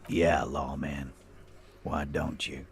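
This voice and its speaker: A man putting on a gravelly sneering thug. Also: a bass voice, flat delivery, pitched below the performer's own voice, full character voice. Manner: mocking, slow and gravelly. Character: sneering, hostile male dockworker thug.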